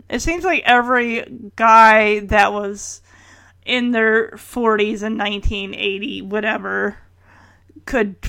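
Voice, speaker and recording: Middle-aged woman recapping a show, bit higher voice, wry jokey asides, dry close mic. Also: a bit bright, dry recording. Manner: chatty, wry asides, laughs while retelling. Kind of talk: casual episode recap.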